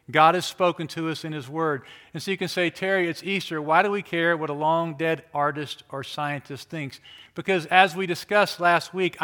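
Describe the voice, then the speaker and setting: Emphatic male pastor preaching, bright voice. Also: a little high. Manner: emphatic preaching, rhetorical questions, swings from loud to hushed. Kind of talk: sermon.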